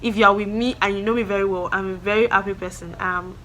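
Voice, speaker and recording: Bright-voiced young woman vlogger. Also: medium pitch, steady tone, quick pace. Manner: earnest, motivational, repeats phrases. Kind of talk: casual talk to camera.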